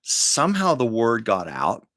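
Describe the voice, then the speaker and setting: A man's voice: mid-range voice, huge pitch swings, a little slow, fairly bright tone, dry recording, clean studio sound. An older man telling personal stories on his live stream in an earnest, emotional way, often restarting his sentences. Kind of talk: casual storytelling on a live stream.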